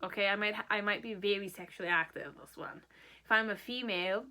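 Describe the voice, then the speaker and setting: A woman does a pick-a-card tarot reading in a fairly quick, medium-pitched voice that sounds pushed and bright. Speaking in first person as the person being read, she rambles, hedges, and keeps checking in with "okay?".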